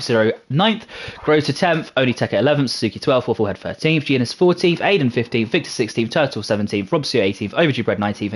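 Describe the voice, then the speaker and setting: A man giving upbeat post-race commentary, reading out the finishing order and thanking viewers. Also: medium pitch. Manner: upbeat, reads results in a quick list.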